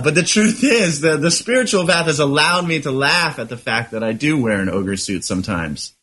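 A man's voice: fairly high pitch, animated, brisk, few pauses, a bit bright. A man co-hosting a podcast, talking earnestly and reflectively about spiritual ideas, often searching for his words. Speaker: podcast co-host. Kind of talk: casual spiritual discussion.

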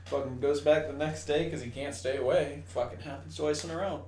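A man's voice: on the high side, fairly even intonation, a little fast, a little mellow. A man telling a long crude joke on a podcast, swearing freely. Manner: storytelling joke teller, profane. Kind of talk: crude casual chat. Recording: roomy, distant mic, faint noise.

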